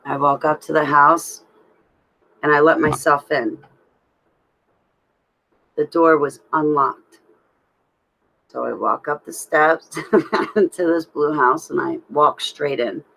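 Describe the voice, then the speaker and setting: A woman telling a personal story in a halting, rambling way, with restarts. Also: sits low, vocal fry, a bit bright, low-quality recording. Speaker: vlogger telling her own story.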